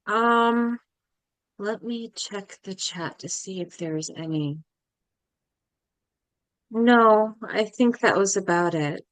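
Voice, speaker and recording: A young woman guest on a podcast, telling a personal story in a halting, emotional way and acting out the people she quotes. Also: medium pitch, no echo. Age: young adult. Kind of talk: casual interview storytelling.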